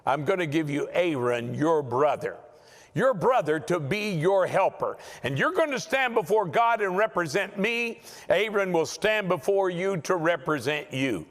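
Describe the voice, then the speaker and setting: Stern commanding god voice, a preacher doing it, slow and firm, big hall echo. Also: male voice, sits high, animated. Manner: firm, emphatic.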